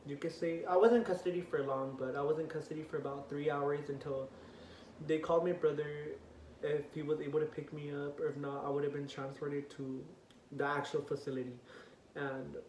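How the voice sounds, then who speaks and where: A teenage young man with a slightly high voice recounts a story for his vlog, animated and profane. He acts out each quoted line with heat. The room rings around him, and a faint hiss sits under the voice. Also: a little fast. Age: teens. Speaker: vlogger. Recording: echoey room, voice a bit off-mic, faint hiss.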